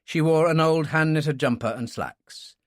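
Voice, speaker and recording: A man's voice: on the high side, a little slow, no room sound, clean studio sound. A man narrating a thriller audiobook and voicing many characters. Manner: expressive, voices many characters.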